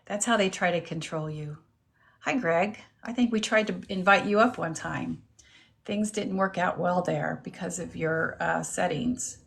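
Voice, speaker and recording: A woman's voice: lowish voice, measured pace, creaky, a bit bright. A woman reverend hosting a casual live stream, greeting viewers by name and chatting while she eats lunch. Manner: talks while eating lunch. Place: at home with her dog.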